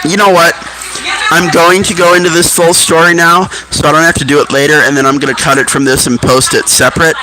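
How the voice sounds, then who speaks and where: A man's voice: a little high, level tone, a little fast, background noise. Rambling thirties man telling stories. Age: 30s. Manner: digressive, loses his thread mid-story. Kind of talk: rambling personal storytelling.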